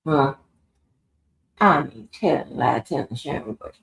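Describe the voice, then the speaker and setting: A woman's voice: rumbling low, lively intonation, a little slow, vocal fry, slight background noise. A woman hosting a live stream, ranting in a profane, confrontational monologue. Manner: profane, confrontational, swears heavily. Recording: roomy echoey room.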